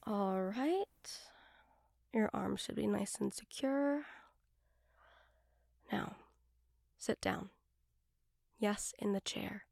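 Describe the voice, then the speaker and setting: A woman's voice: mid-range voice, expressive, slow, gravelly, long pauses, a little mellow, no echo, clean studio sound. A woman performing an adult audio role-play as a bossy roommate, teasing and giving orders, often dropping to a whisper.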